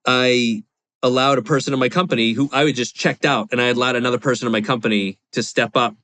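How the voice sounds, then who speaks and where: A man in his forties shares a personal story as a podcast guest. He rambles candidly, with plenty of fillers and restarts, at an ordinary pitch. The sound is dry and close. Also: steady tone, fast talker, pushed and bright, no echo. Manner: rambling, confessional, lots of fillers. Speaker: podcast guest, real estate investor.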